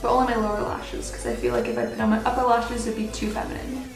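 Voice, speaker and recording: Talking fast and very animated, the young college student runs through her cosplay tutorial in a highish voice, full of giggles and "like" fillers. It's a relaxed makeup and costume walkthrough, captured from a distance in a reverberant room with faint music.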